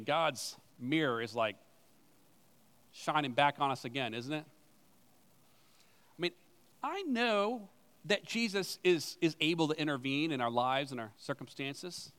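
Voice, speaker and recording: A man's voice: high voice, fairly bright tone. A man, a pastor, preaching a sermon in a conversational way, with rhetorical questions and self-deprecating asides. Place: church sanctuary. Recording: long hall reverb.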